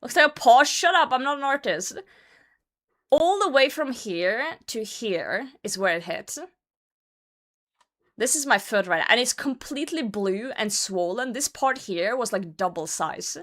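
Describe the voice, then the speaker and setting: A woman streamer telling a story in a casual, animated way, swearing often and laughing as she goes. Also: a little high, unhurried.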